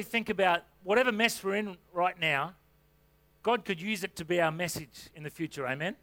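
A man preaching a sermon, telling a personal story in a conversational way and rising to loud, fervent calls of faith. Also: sits high, moderate pace.

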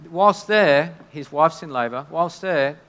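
A man preaching a sermon in a conversational, halting way, often restarting his sentences. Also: on the high side, fairly bright tone. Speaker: pastor. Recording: long hall reverb.

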